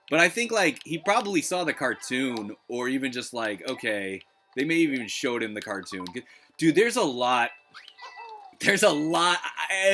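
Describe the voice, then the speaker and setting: A man's voice: on the high side, pushed and bright. A man streaming retro gameplay live, rambling in casual chat and swearing freely. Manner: rambling, swears, lots of restarts. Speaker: gaming streamer.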